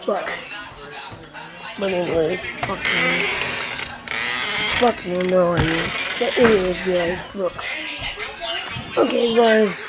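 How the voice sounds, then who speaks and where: A woman giving rambling, excitable commentary while playing a mobile game, swearing a lot, recorded on a phone mic. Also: mid-range voice, slow pace, pauses often. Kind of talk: casual gameplay commentary. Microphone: phone microphone during screen recording. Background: game music.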